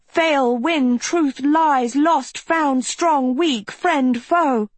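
A woman's voice: high-pitched, drawn-out words, no echo, voice pushed up. A woman reading a storybook, voicing a chorus of cursed fish chanting word pairs in a raised, rhythmic voice.

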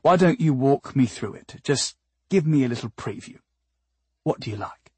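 A laid-back, flirtatious rock singer, voiced by a male narrator, coaxes in an easygoing way. The storybook voice is husky, and the sound is close and dry. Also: medium pitch, expressive, normal speed, a little mellow, no room sound. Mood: coaxing.

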